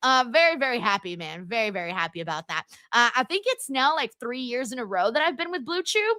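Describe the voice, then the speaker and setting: Giggly high-voiced woman streamer. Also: lively intonation, a little fast, sharp tone, no echo. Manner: giggly, chatty, reading out viewer comments. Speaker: streamer hosting a wrestling watchalong. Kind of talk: casual live-stream chat.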